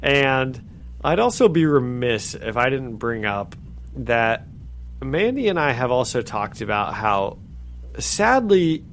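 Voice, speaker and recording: A man co-hosting a casual comic-book podcast, recapping scenes with animated delivery, acting out the quoted lines and laughing between phrases. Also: mid-range voice, takes it slowly, slight background noise. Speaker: podcast co-host.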